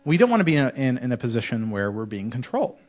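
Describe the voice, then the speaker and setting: In a lecture hall at a conference, a man addresses students in a relaxed, conversational style at a racing pace. He tells joking anecdotes and occasionally puts on playful mock French voices, with his pitch sitting at an ordinary middle.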